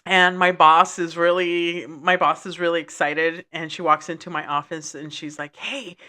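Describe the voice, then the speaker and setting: A woman's voice: lowish voice, flat delivery, normal speed, sharp tone. A woman co-hosting a podcast, telling a story in a casual, emotional way, swearing freely and dropping in Spanish words, grieving and close to tears. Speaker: podcast co-host. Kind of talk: casual chat.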